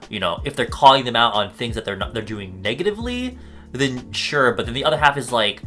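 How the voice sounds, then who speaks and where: A man's voice: mid-range voice, lively intonation, fairly quick, fairly bright tone, soft background music. A young American man answering viewer questions in a casual vlog. He swears a lot and rambles off on tangents. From United States.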